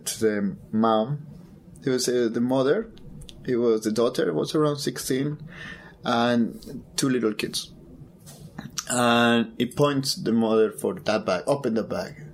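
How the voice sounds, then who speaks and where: Low-voiced man, halting and repetitive. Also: slight background noise. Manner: halting, repeats words while searching for them. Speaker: photographer. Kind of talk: personal storytelling in an interview.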